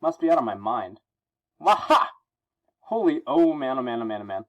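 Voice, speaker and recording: A man's voice: medium pitch, animated, quick pace, a little mellow, highs cut off, close to an everyday voice. Spider-Man, wisecracking teen hero, as a man reads him. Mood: frantic. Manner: jokey, frantic, self-mocking. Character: young male masked superhero, wisecracking teen.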